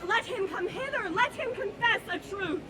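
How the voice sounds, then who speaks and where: A woman's voice: very high-pitched, lively intonation, moderate pace. A teenage girl playing Desdemona, an innocent young wife, pleading tearfully in Shakespeare verse outdoors. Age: teens. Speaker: student actor. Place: outdoor park stage. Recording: noisy outdoor park performance with loud crowd.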